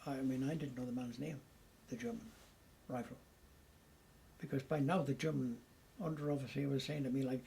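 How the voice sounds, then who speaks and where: A man in his eighties recounting old memories to family at home, lively and chuckling as he tells it. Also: mid-range voice, fairly quick, gravelly, long pauses, a little hiss or hum, rough recording. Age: 80s. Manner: lively storyteller who chuckles often. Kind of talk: casual storytelling.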